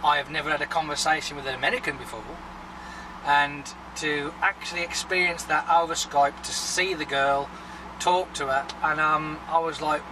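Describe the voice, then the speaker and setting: Brief: male vlogger, chatty and sweary, slightly high voice, mic set back with loud traffic behind. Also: steady tone, moderate pace, distant mic. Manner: rambling, chatty, swears freely. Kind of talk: casual vlog chat.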